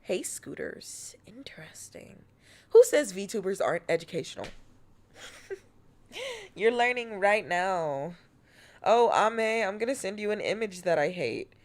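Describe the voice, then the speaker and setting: A woman's voice: medium pitch, very animated, a little slow, long pauses. An American woman streaming and chatting casually, playful and teasing, swearing freely. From United States. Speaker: VTuber streamer.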